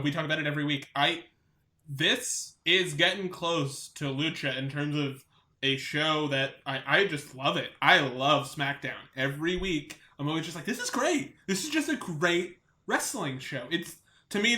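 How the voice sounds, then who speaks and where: Long island guy w/ a light new york accent, rambly and excited, kinda high bright voice. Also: roomy sound. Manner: rambling, enthusiastic, many restarts. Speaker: podcast co-host. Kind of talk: casual chat.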